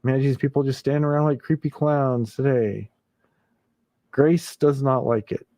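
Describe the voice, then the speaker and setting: A man's voice: medium pitch, normal speed, dark tone, dry recording. A man hosting a casual late-night livestream, chuckling often and reading viewer comments aloud. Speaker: livestream host.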